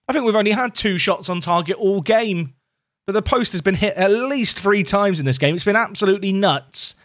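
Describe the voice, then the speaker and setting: Young man, excitable play-by-play game commentator, slightly high voice, dry close mic. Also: dry recording. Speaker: gaming YouTuber.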